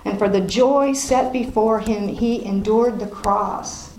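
A woman's voice: medium pitch, slow, a little mellow. A woman leading a Bible study, reading scripture aloud, then explaining it and asking the group questions. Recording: roomy echo with faint noise.

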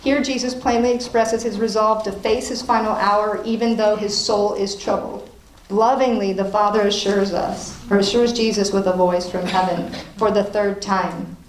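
A woman's voice: mid-range voice, fairly even intonation, moderate pace. Woman leading a Bible study in a roomy space. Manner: reads passages aloud, then explains and quizzes the group. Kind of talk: reading scripture and teaching a group. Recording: roomy echo with faint noise.

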